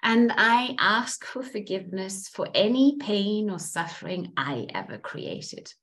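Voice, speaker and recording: A woman coach leading a group through tapping, speaking repeated affirmations in a slow, chant-like way. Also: medium pitch, very animated, fairly bright tone.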